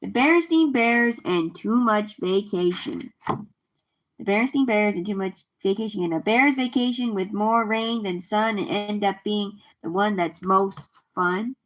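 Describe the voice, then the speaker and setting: A woman reads children's picture books aloud, animated and expressive. Her voice sits at a middling pitch, and she stumbles over a word now and then. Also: unhurried. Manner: lively, expressive read-aloud with occasional slips. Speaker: storyteller.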